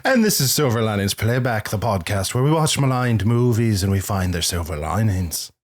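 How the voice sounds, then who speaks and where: A man's voice: on the low side, expressive, normal speed. A man hosting a movie podcast, chatting casually and joking, with frequent restarts. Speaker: podcast host. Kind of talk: casual chat.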